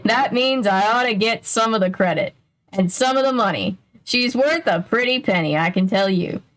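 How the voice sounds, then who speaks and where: A woman voicing a greedy, smug Texan rancher man with a put-on Texas accent and a slow drawl. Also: mid-range voice, fairly bright tone, lightly acted.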